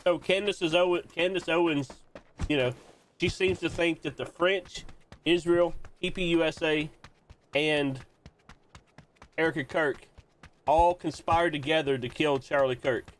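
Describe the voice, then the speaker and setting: A man's voice: on the high side, steady tone, a little slow, pauses often. A man streaming a game, chatting casually and ranting with opinionated restarts. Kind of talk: casual gaming stream chat.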